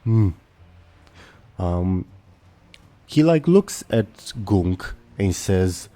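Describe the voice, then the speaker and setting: A man narrating as game master of a tabletop game, halting and full of fillers as he searches for words. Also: low voice, big pitch swings, mellow.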